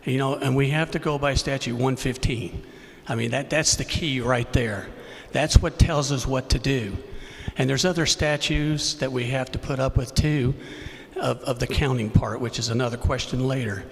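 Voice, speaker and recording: A man's voice: medium pitch, steady tone, moderate pace, gravelly. A man in his sixties, a candidate at a live debate, speaking off the cuff in a folksy way, repeating words and chuckling between phrases. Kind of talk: unscripted debate speech. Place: winery event space with audience. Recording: long hall reverb on a live event mic.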